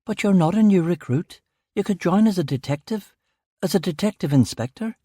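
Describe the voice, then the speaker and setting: Worried young mother, high and urgent, read by a male narrator in a dry, close audiobook. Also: expressive, moderate pace, dark tone, husky, no room sound. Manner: urgent, pleading. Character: anxious young mother pleading to emigrate.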